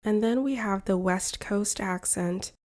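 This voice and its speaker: A woman from the United States, an English teacher reading a shadowing lesson in slow, carefully separated phrases. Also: mid-range voice, darkish tone. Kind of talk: slow shadowing practice narration.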